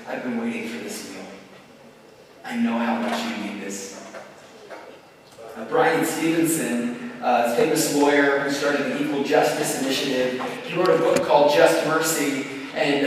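A middle-aged man preaches a sermon in a fairly high voice, earnest and drawing out key words for weight. He sounds distant from the mic, and his voice rings through a large echoing hall with a long reverb tail. A faint hum of room noise sits underneath. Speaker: pastor. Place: large church sanctuary. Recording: echoey hall from far off.

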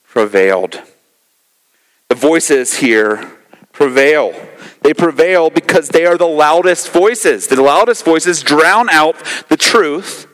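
A man with a high voice preaches emphatically, hammering home phrases through repetition. His sermon rings with the long reverb of a large hall. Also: fairly bright tone. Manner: emphatic, repeats phrases for effect. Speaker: pastor.

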